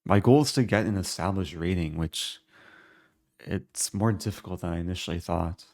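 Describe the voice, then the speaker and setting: A man streaming live, thinking aloud as he calculates his moves in a relaxed, halting way. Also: deep voice, no room sound, clean studio sound. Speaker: chess streamer. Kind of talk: live-stream game commentary.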